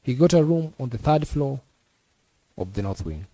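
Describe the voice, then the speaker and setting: Man narrating an audiobook, dark voice. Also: medium pitch, lively intonation, moderate pace, no echo. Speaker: teacher reading an audiobook.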